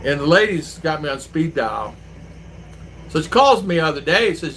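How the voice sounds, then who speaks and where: Animated older-sounding man telling a story. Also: on the high side, moderate pace, a little hiss or hum, rough recording. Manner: animated, mimics voices when retelling exchanges. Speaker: vlogger. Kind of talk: casual storytelling to viewers. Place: outdoors, riding an e-bike.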